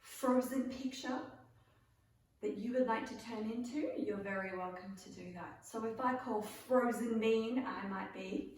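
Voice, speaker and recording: Woman drama teacher, playful and unhurried, pitched a bit high, mic far off in a roomy echo. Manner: playful, calls out cues with bursts of excitement. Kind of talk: online drama class for children. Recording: echoey room, mic far off.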